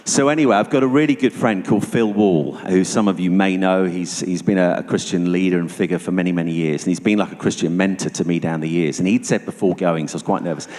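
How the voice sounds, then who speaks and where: A man giving a personal testimony to an audience as a guest speaker, telling it vividly and going hushed at tense moments. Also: low voice, fast, few pauses. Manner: vivid storytelling, dropping to hushed tones for tension. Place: church hall. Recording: long reverb of a church hall.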